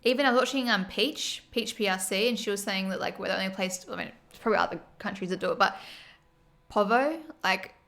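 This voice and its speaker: A woman's voice: mid-range voice, fast, gravelly, a bit bright. An Australian woman streamer chatting casually and laughing as she reads her chat aloud.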